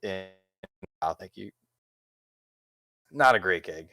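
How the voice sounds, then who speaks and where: A man's voice: sits low, animated, takes it slowly, creaky, bright, forceful tone, dry recording, soft background music. A man hosting a podcast, chatting animatedly about a film and swearing casually as he talks. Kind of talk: casual movie review chat.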